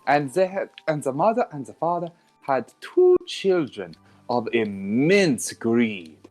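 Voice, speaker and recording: A man in the middle of a casual group podcast, narrating a twisted fairy tale with teasing, mock-dramatic relish. His voice sits at an ordinary middle pitch, and soft music plays faintly behind him. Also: very animated, slow pace.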